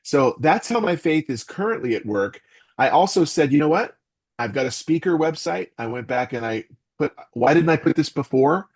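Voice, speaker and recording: A man's voice: a little high, moderate pace, slightly rough. A middle-aged man talking earnestly as a podcast guest, acting out little quotes as he speaks. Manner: earnest, animated, with quoted asides. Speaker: podcast guest, author and voice actor. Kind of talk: casual interview talk.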